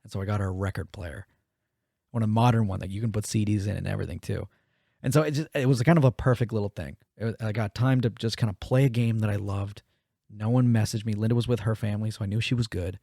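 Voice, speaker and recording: A man's voice: fairly low pitch, fairly even intonation, fast talker, creaky, warm tone, no echo, clean studio sound. A man co-hosting a podcast, telling a story in casual, profane chat and acting out the quotes. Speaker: podcast co-host.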